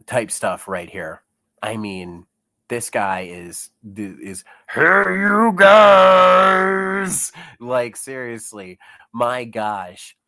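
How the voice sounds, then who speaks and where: Sick young guy w chest congestion, deep voice, chuckly rambling vlog chat, dry close sound. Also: fairly bright tone, dry recording. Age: young adult. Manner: chuckles often, rambling filler-heavy talk. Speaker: YouTuber reading comments. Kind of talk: casual commentary vlog.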